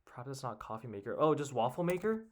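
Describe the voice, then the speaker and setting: A man's voice: mid-range voice, sing-song, fast, darkish tone. A young man thinking aloud as he works a crossword alone, muttering guesses and half-words to himself. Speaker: puzzle solver. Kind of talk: casual solo commentary while solving.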